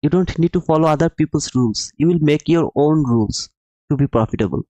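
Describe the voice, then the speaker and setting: A man's voice: a little high, fairly quick, dark tone, no echo, poor audio. A man hosting a live trading stream who explains the market emphatically, repeats his points and calls his viewers brother while answering the chat. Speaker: livestream trading host.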